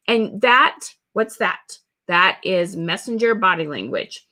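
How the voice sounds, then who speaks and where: A woman teaches a sales webinar. Her voice is bright and clear. She drives each point home by repeating words over and over. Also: medium pitch, moderate pace, hardly any pauses. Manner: emphatic, repeats words for stress. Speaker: social media sales coach.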